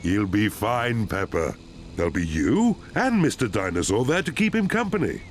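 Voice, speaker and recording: Cartoon pig dad, easygoing and reassuring, lively sing-song delivery. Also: male voice, fairly low pitch, normal speed, noisy background. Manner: calm, reassuring. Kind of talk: cartoon voice acting.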